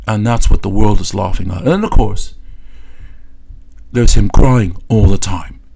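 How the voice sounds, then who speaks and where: A man's voice: fairly low pitch, measured pace, gravelly, dark tone, breathy edge, rough recording. A man giving satirical political commentary in a mocking, scornful way, with many hesitant fillers.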